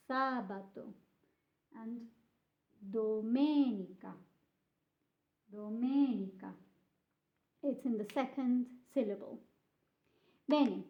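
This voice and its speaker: A woman teaching a beginner language lesson, slowly modelling pronunciation and repeating words for practice. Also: on the high side. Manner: slow, carefully modelled pronunciation with drilled repetition. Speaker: Italian teacher. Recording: echoey, slightly dull room sound.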